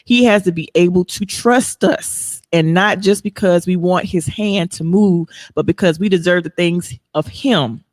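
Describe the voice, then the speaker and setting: A woman hosting a faith podcast, talking in a lively, preacherly way. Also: on the low side, a little slow, few pauses, dry recording, studio quality. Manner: animated, preacherly, reads listener comments aloud. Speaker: podcast host.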